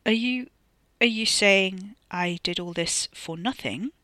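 A storyteller playing a jittery young man who keeps getting pushed around, his voice rising with agitation. The read is bright and close on a dry mic in this audiobook. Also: mid-range voice, slow, dry recording. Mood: anxious. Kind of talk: audiobook character voice.

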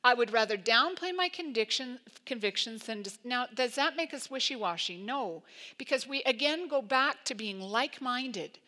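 A woman pastor preaching a sermon in an emphatic, conversational way, full of "like" and quick asides. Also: fairly high pitch, animated, sharp tone.

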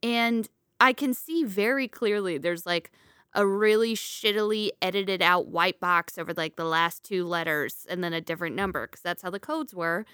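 A woman with a bright, sharp voice tells a restaurant story in a relaxed chat. She laughs often and acts out each person she quotes. The sound is close and dry. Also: fairly low pitch, moderate pace, smooth, no room sound.

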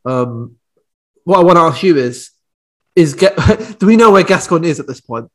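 A man with a fairly high voice for a man riffs in loose pub-style banter. He jokes, swears freely and laughs as he talks. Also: animated, moderate pace. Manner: jokey, swears, laughs through his lines. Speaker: podcast co-host. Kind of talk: casual pub-banter podcast chat.

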